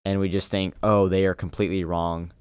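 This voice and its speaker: A man's voice: low-pitched, little pitch movement, a little fast, background noise. A young man co-hosting a podcast, talking earnestly in casual chat and often restarting his sentences. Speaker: podcast co-host.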